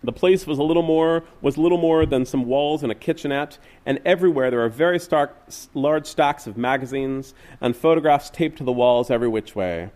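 A man reading literary fiction aloud in a measured, wistful way. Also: on the high side, a little mellow. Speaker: reader.

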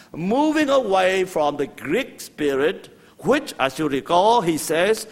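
An older man giving a university theology lecture, lively and repetitive, with asides to the students and an other than English. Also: a little high. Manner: animated, repeats words, quotes and asides to students.

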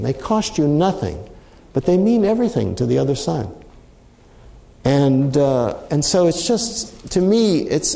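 A man's voice: a little high, creaky, dark tone. A middle-aged man, a mediator, telling an anecdote in a reflective way with frequent restarts. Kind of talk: storytelling talk. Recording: roomy echo.

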